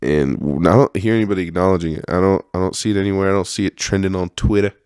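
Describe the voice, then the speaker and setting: A man's voice: low voice, fast talker, darkish tone, clean tone, dry recording, clean studio sound. A man hosting a podcast, talking in a rambling, profane monologue and laughing often. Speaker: podcast host.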